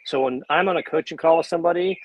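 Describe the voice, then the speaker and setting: A man's voice: on the high side, fast, slight background noise, low-quality recording. A man who works as a coach, talking casually on a panel in a chatty, self-deprecating way and laughing often.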